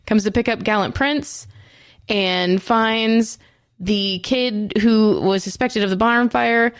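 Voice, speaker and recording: A woman's voice: a little high, takes it slowly, clear, resonant tone, no room sound, clean studio sound. A woman co-hosting a podcast, recapping a TV episode in a chatty, profane and self-mocking way. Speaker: podcast co-host.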